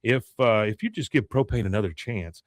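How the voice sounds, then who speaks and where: A man's voice: lowish voice, lively intonation, a little fast, dry recording, studio quality, lightly acted. A man doing a stiff, polite middle-aged man. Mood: courteous. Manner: formal, courteous, exasperated.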